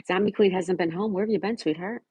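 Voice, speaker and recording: A woman's voice: on the low side, darkish tone, breathy edge, no echo, dull audio. A middle-aged woman hosting a casual live stream from home, reading viewers' comments and greeting them by name with affectionate chatter. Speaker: livestream host reading chat.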